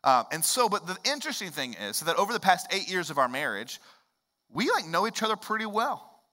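A man, preaching a sermon in a conversational way that swings up into loud, emphatic rises. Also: high voice, very animated, a little fast. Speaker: pastor.

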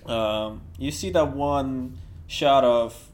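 A man co-hosting a podcast, chatting casually about a film with a wry, deadpan humor. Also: mid-range voice, extremely slow. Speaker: podcast co-host. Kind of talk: casual film-review chat.

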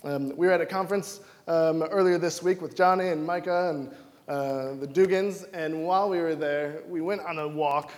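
A young man from Wisconsin preaching a sermon, telling personal stories in an animated way and acting out his own quoted lines. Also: a little high, normal speed. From Wisconsin, United States. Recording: long hall reverb.

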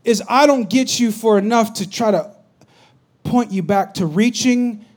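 Delivering his sermon at a measured pace, this male pastor has a voice on the high side. He moves from urgent, loud outbursts down to quiet, confiding remarks.

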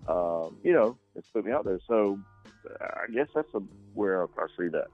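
A man's voice: lowish voice, expressive, moderate pace, faint music behind. A male actor being interviewed, speaking casually and hesitantly, with many ums and restarts. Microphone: radio show microphone. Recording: dull, lo-fi sound.

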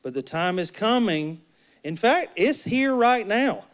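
Preacher reading as a calm patient teacher, lower and steady, no rush. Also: male voice, unhurried, smooth. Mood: earnest. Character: calm, patient male rabbi teaching at a well.

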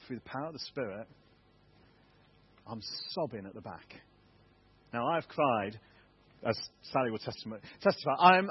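A man's voice: medium pitch, breathy edge, highs cut off. An English man, a church elder, giving a candid, self-deprecating testimony sermon in a church. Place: church hall.

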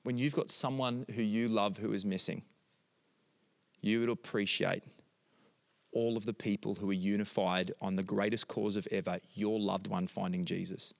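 A man's voice: on the low side, steady tone, moderate pace, gravelly, in a large hall. A middle-aged man, a pastor telling a family story in a sermon and moving into emphatic prayer.

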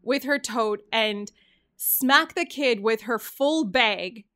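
A woman's voice: a little high, slow, a bit bright. A woman in her thirties telling a story in casual chat, earnest and rambling, often restarting her sentences. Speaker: podcast host.

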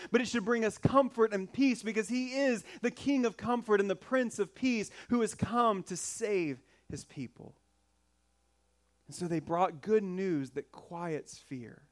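A man with a fairly high voice delivers a sermon to his congregation. He talks in a conversational, playful way, slips in jokes and asides, and drops into hushed tones for emphasis. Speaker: pastor.

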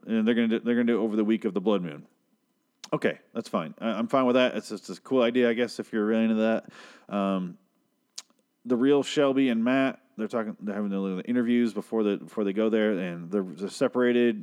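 A man's voice: fairly low pitch, darkish tone. A young man casually recapping a TV episode, rambling and swearing, often mimicking characters. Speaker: recap podcaster.

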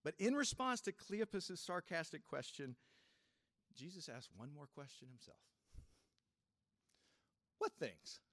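Male pastor, slightly high voice, dry close sound; reflective sermon delivery, gentle laughs, swings between firm and hushed. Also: very animated, no room sound. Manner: reflective, unhurried, with soft laughs and sudden shifts from loud to quiet.

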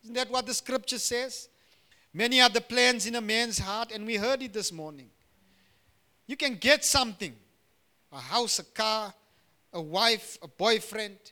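Middle-aged male pastor with a very high, piercing voice, preaching with loud and hushed swings. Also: a little slow, pauses often. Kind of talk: sermon.

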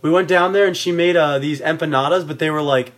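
Chatty young man telling animated stories. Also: on the high side, fast talker. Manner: animated, rambling storyteller with many fillers. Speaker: podcast co-host. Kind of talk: casual storytelling chat.

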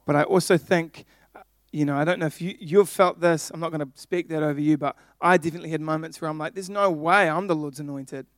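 A man's voice: a little high, fairly even intonation, quick pace, no room sound, clean studio sound. A young adult man preaching a sermon, playful and jokey, talking directly to his congregation.

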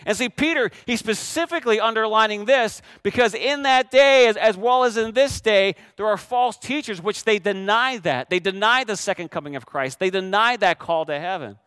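A man's voice: high-pitched, moderate pace, few pauses, fairly bright tone, clear, resonant tone, no echo. A man preaching a sermon as pastor, emphatic, repeating key phrases and asking rhetorical questions.

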